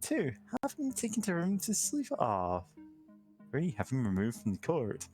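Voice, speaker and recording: Woman on a stream, reads events out loud, voice goes up and down a lot, soft music. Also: deep voice, moderate pace. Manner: lively, laughs, slips on words while reading. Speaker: co-streamer reading game text. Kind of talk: casual chat and reading game events aloud.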